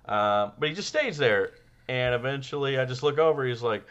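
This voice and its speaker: Bright-voiced man telling a funny story. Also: medium pitch, normal speed, smooth, dull audio. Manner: animated storyteller, acts out quotes. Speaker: podcast co-host. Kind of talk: casual comedic chat.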